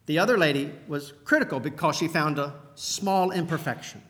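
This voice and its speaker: A pastor delivering a sermon in a conversational, storytelling manner, opening with a joke. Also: male voice, fairly high pitch, moderate pace, hardly any pauses, fairly bright tone.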